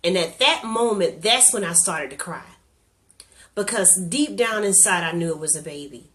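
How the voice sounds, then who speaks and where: A woman's voice: lowish voice, animated, normal speed, a bit bright, slight background noise. A woman sharing a personal testimony in candid, conversational storytelling, earnest and openly emotional.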